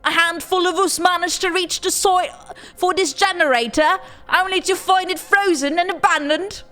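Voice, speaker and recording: A woman putting on a deliberately bad fake British accent to read game text aloud as a parody. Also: fairly even intonation, pushed and bright, full character voice. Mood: mock dramatic. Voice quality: high exaggerated fake British voice. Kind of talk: parody reading.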